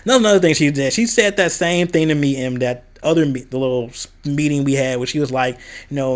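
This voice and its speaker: A young Midwestern American vlogger talks fast in a slightly high voice, candidly venting about a past job in a casual vlog and quoting other people in a raised voice.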